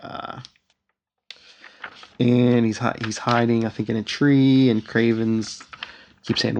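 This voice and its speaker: Gravelly man animatedly recapping comics. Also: mid-range voice, measured pace, long pauses, slight background noise. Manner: animated, reads out character lines with shifting emphasis. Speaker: podcast host recapping comics. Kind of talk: casual comic book recap chat.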